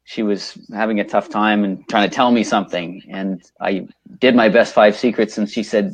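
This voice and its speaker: A man's voice: fairly low pitch, fairly even intonation, normal speed. A man co-hosting a therapy Q&A, talking earnestly with stumbling restarts. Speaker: co-host therapist. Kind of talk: live Q&A chat.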